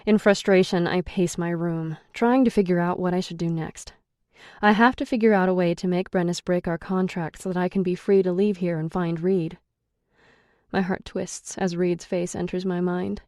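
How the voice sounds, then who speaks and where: A woman's voice: lowish voice, fairly even intonation, moderate pace, a little mellow, no echo. A woman narrating a first-person audiobook in a wry, sarcastic storytelling manner, close to the mic.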